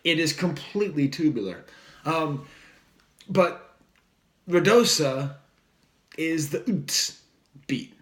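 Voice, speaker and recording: A man talks through an album review in a loose, enthusiastic ramble, full of "like" and "you know," with jokey asides along the way. His voice sits a little high for a man. The room around him is roomy and echoey. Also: slow, pauses often, fairly bright tone. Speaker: music reviewer. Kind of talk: casual record review monologue.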